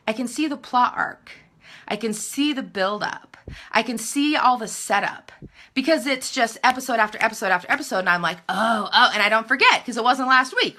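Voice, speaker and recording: A woman novelist in her thirties, chatting live to viewers with emphatic, animated writing advice and self-mocking asides. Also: on the high side. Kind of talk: live video chat answering viewer comments.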